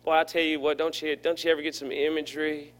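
Man, pastor, sermon, folksy, joking, fairly high voice. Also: flat delivery, quick pace, fairly bright tone. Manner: folksy and humorous, acts out voices in stories.

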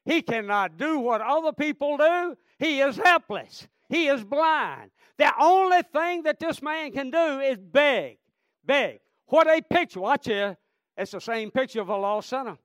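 A man's voice: very high-pitched, animated, unhurried, a bit bright, dry recording, clean studio sound. A man preaching a sermon with fervor, repeating phrases and calling out to the congregation. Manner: fervent, repetitive, calls out "Amen?" and "friend".

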